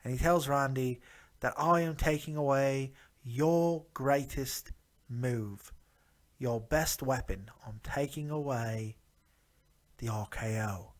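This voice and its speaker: A man's voice: medium pitch, takes it slowly, natural voice. A man voicing a sarcastic, mock-proper British alter ego of himself in a put-on British accent, reviewing wrestling with dry, formal sarcasm. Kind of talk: comic wrestling review in character.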